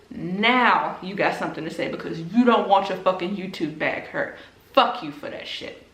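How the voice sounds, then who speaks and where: A woman's voice: medium pitch, fairly bright tone. A woman who makes book videos, angrily ranting straight at her viewers, blunt and profane and hammering her points through repetition. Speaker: BookTube creator. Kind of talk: angry direct-to-camera rant. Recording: roomy echo.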